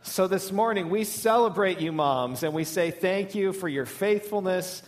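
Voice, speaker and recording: A male lead pastor giving a sermon, telling a funny story in a warm, storytelling manner. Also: high-pitched, moderate pace.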